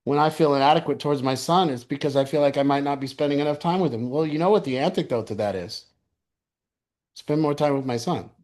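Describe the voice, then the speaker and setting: Middle-aged guy, kinda high voice, blunt funny stories to a group. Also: quick pace, a little mellow. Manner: candid storytelling with laughs and crude humor. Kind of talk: group sharing talk.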